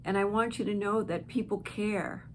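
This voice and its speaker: A woman hosting her own channel, speaking slowly, gently and from the heart to viewers who are going through an illness. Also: mid-range voice, fairly even intonation, slight background noise. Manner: slow, gentle and heartfelt, with pauses. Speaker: channel host. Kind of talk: encouraging direct-to-camera talk.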